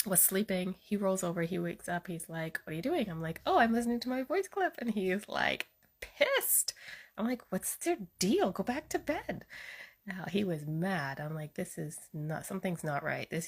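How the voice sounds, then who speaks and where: A woman's voice: lowish voice, creaky. A woman speaking as a spiritual healer, telling stories in a casual, chatty way with frequent fillers. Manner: chatty, storytelling, many fillers. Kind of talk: casual spoken monologue.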